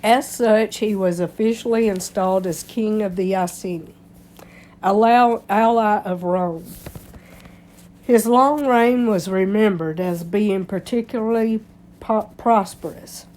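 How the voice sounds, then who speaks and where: A woman with a stuffy, congested voice reads a history article at an unhurried, slow pace. Her pitch sits in a middling range, and she stumbles over words and clears her throat now and then. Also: darkish tone. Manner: halting reading with slips and throat clearing. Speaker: history channel host. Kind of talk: reading an article aloud.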